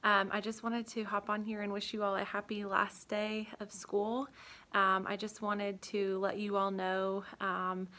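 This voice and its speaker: A young woman teacher in an empty classroom, speaking an emotional farewell to her students and holding back tears, with many pauses and ums. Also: medium pitch, flat delivery, sharp tone. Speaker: third grade teacher. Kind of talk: heartfelt farewell video message.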